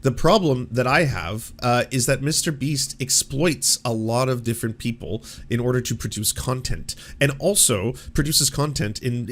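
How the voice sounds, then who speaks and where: Male commentary host, mid-pitched, rants with swearing and repeated restarts. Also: fairly bright tone. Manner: profane, stammering restarts. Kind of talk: ranting commentary.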